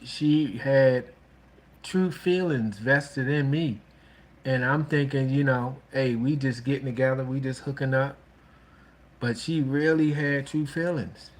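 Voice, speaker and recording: A man talks about relationships in a slow, unhurried drawl, stopping and restarting his sentences as he goes. His pitch is mid-range and his advice sounds frank and casual. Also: fairly bright tone. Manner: slow, halting, with many restarts and "you know". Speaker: relationship talk host.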